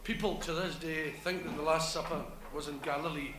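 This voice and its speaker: A man's voice: on the high side, fairly even intonation, brisk, noisy background. A Glaswegian man doing live stand-up storytelling in a hesitant, wry way, full of local slang. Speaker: comedian. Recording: echoey live room, loud crowd laughter.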